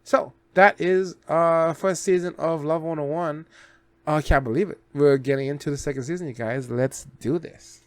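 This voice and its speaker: A man's voice: fairly high pitch, steady tone, moderate pace, clear, resonant tone, no room sound. A man hosting a reaction video, recapping a series in a loose, rambling way with restarts and casual swearing.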